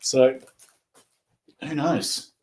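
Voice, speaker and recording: A man's voice: medium pitch, fairly even intonation, extremely slow, noisy background. A man with an Australian accent, giving casual running commentary as he opens trading cards. He rattles off player names and perks up at good pulls. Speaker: card breaker. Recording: roomy echo.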